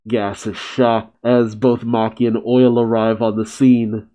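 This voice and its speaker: A man's voice: mid-range voice, flat delivery, measured pace, few pauses, mellow. A man casually recapping a comic chapter and reacting, laughing often.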